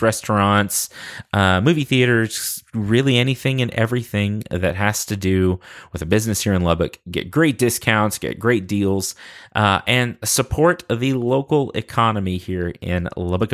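A young man hosting a podcast, chatting casually in a goofy, self-deprecating way. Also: fairly low pitch. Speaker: podcast host.

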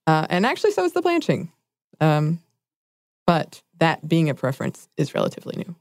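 A woman's voice: sits low, huge pitch swings, a little fast, a little mellow, no room sound. A woman co-hosting a casual food chat, laughing often and correcting herself. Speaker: podcast co-host.

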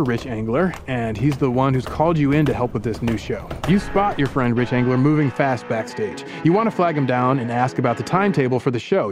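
A man hosting a podcast, telling a story in the second person, often laughing and jumping higher in pitch for quoted voices. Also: a little mellow, a little hiss or hum.

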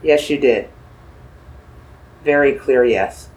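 At a medium pitch, a paranormal investigator gently questions a spirit through dowsing rods. They reassure and coax it, repeating phrases while asking slow yes-or-no questions.

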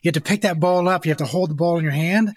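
Animated man, somewhat high voice. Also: racing, no room sound. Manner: rambling, animated, acts out scenes. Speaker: guest, dog breeder. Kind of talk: casual interview chat.

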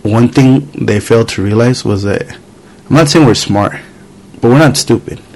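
A young adult man hosting a podcast, chatting casually and telling animated stories about his young daughter. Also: mid-range voice, normal speed, rough recording. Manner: animated storytelling, acts out his daughter's lines. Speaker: podcast host. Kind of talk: casual chat.

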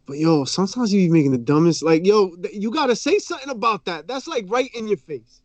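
A man co-hosting a casual wrestling chat, excitable and teasing. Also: sits high, fast, dry recording. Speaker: podcast co-host.

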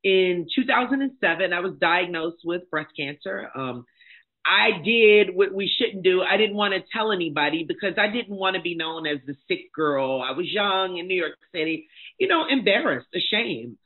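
A middle-aged woman, a life coach and motivational speaker, telling her own story as a guest, blunt and emphatic in a candid, animated way. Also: lowish voice, moderate pace. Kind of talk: candid personal storytelling in conversation. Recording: tinny phone-like sound.

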